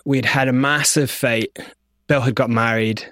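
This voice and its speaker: A middle-aged man telling his own story in an interview, animated and acting out what others said. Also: medium pitch, a little slow, dry recording, clean studio sound. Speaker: guest.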